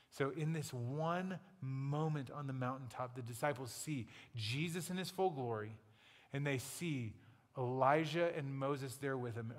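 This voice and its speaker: A man preaching a sermon in a conversational, playful storytelling way, slipping into quick acted asides. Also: mid-range voice, a bit bright. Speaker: pastor. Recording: long hall reverb.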